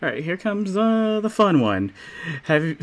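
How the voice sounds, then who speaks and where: A man's voice: sits high, sing-song, unhurried. A man interviewing a guest, asking loose rambling questions full of "like".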